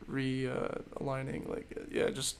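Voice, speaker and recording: A young man talks loosely on his podcast, circling his point with fillers and restarts. His voice sits at an everyday middle pitch. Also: completely flat delivery, normal speed, a little hiss or hum. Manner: rambling, many fillers. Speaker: podcast host. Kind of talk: casual chat.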